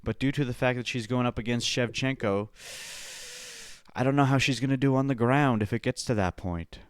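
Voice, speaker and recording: A man's voice: mid-range voice, a little fast, smooth, dry recording, studio quality. A young man hosting a podcast, breaking down fights in a loose, profane, chatty way. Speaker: podcast host.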